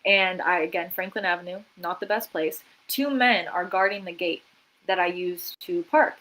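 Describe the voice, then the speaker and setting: A woman's voice: on the low side, moderate pace, a bit bright, a little hiss or hum, rough recording. A woman guest on a livestream interview, retelling events vividly and dramatically, quoting her own thoughts. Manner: vivid, dramatic retelling with quoted inner voices. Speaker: guest, artist and author.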